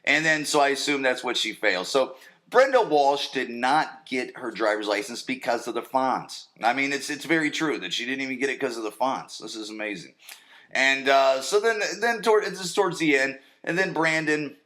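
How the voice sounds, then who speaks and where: A man's voice: medium pitch, animated, normal speed, pushed and bright. A man hosting a podcast, casually recapping a TV episode in a loose, rambling way full of fillers and restarts. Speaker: podcast host.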